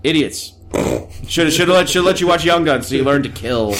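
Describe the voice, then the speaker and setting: A man's voice: fairly high pitch, fairly quick, fairly bright tone. Profane joking man in casual chat. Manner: crude joking, profane banter. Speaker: podcast co-host.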